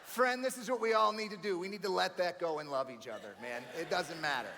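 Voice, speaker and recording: Energetic stand-up man in a big hall. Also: high-pitched, fairly quick. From New York. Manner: energetic, chatty, calls the crowd friends and man. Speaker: comedian and keynote speaker. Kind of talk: stand-up comedy at a banquet. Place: large banquet hall. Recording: live hall reverb with faint room noise.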